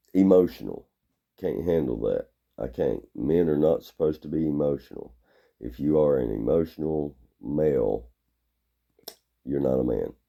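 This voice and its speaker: A man giving a blunt, gruff, rambling opinion monologue. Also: a bass voice, mellow.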